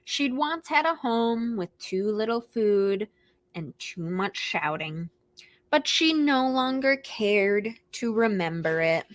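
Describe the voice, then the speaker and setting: A woman librarian reading picture books aloud to preschoolers in an animated, expressive way, gasping and making animal noises. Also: medium pitch, takes it slowly, no room sound. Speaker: children's librarian hosting storytime.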